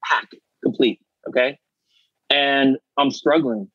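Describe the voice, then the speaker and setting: Husky-voiced man telling stories. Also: mid-range voice, takes it slowly, no room sound, highs cut off. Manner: animated, acts out quoted voices. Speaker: actor guest. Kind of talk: casual storytelling.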